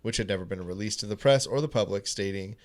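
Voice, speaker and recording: A man's voice: fairly low pitch, fast. Male podcast host, reads crime case notes, playful quizmaster in a studio. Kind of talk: reading a true crime story and running a quiz.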